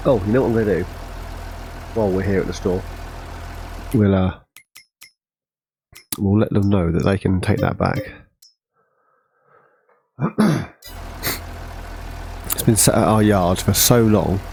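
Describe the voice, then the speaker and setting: Male gamer, casual rambling commentary, lowish voice, faint background noise. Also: takes it slowly, creaky, long pauses, a little mellow, low-quality recording. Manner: chatty, rambling, self-correcting. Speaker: gaming channel host. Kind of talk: casual farming game commentary.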